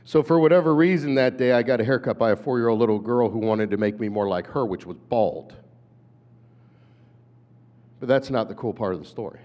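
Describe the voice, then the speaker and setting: A man in his fifties, an animated storyteller who acts out voices, giving a talk at a conference. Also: medium pitch, brisk. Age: 50s. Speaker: conference speaker. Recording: dull hall recording with long reverb.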